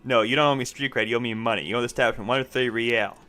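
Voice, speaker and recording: A man voicing an irritable, defensive cafeteria manager who argues back quickly, with faint game music behind. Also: mid-range voice, steady tone, bright, forceful tone, smooth, natural voice. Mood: brisk.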